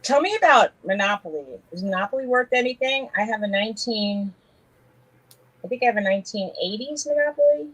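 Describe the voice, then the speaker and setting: A New York woman with a New York accent co-hosts a casual live-stream chat, laughing often and telling stories. Her voice is slightly high, animated, fairly quick and fairly bright, heard through a rough recording.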